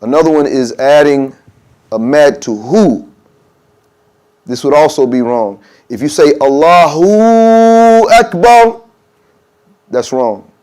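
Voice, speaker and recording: A man's voice: medium pitch, unhurried, pauses often, dark tone. A man teaching a workshop in a mosque room. He talks casually, checks in often with "okay?" and says pronunciations aloud to show them. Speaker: adhan workshop instructor.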